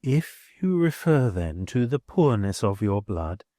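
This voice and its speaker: A man's voice: lowish voice, sing-song, dark tone, dry recording, studio quality. A man voicing a prim, genteel older schoolmistress who speaks formally and stiffly. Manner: formal, measured, stiffly polite.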